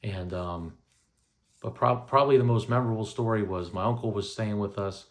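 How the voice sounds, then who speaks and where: A man's voice: on the low side, normal speed. A man in his thirties casually telling a personal story, rambling with many fillers and restarts. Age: 30s.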